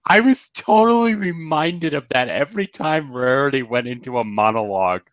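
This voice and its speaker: A man's voice: medium pitch, expressive, normal speed, fairly bright tone, dry recording, poor audio. A young man co-hosting a casual cartoon review chat, often laughing as he retells comedy bits. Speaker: podcast co-host reviewing a cartoon episode.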